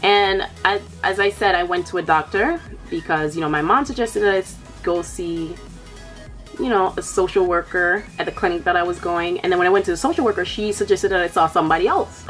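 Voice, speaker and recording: A woman's voice: fairly low pitch, a little fast, a bit bright. Young woman vlogging candidly, faint music. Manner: casual, frank, heavy use of "like" and "you know". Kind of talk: candid personal chat.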